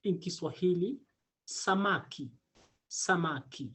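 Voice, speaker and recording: A man teaching a casual online Swahili lesson, repeating words slowly and laughing often. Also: sits high, fairly bright tone.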